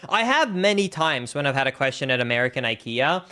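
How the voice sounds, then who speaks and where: A young streamer chats casually while gaming, telling a rambling story filled with fillers. His medium-pitched voice is smooth yet sharp in tone, moving briskly with big swings in pitch.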